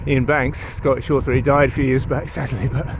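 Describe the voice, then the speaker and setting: A man's voice: medium pitch, flat delivery, brisk, highs cut off. A man talking casually to camera as a cycling vlogger, in a rambling, self-correcting way, from a camper van and the roadside. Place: camper van and outdoors by the road. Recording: noisy outdoor traffic background.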